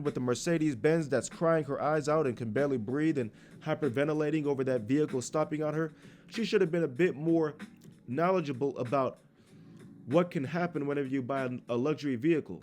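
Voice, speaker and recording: A man's voice: on the high side, a little fast, darkish tone. A man preaching in a blunt, crude, scolding way, reading scripture aloud and commenting on it. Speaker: street preacher.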